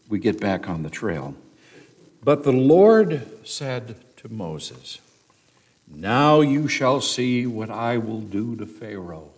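Guy preaching a bible study, slow and deliberate, leans hard into the scripture readings. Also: mid-range voice. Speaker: Bible teacher. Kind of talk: sermon.

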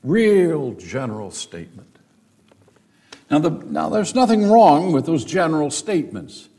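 Speaking directly to his flock, a pastor preaches with earnestness, sprinkling in stories and building toward emphatic moments. His voice is fairly high in pitch and a little mellow.

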